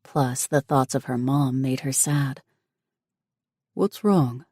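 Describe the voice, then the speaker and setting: A woman narrating an audiobook in steady, even scripted narration. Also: extremely low pitch, a little slow, no room sound, studio quality.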